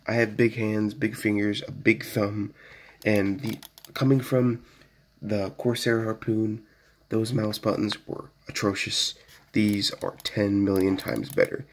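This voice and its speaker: A man giving a casual, rambling product review at his home desk, full of fillers and "so yeah", recorded on a phone camera. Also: on the low side. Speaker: gaming gear reviewer.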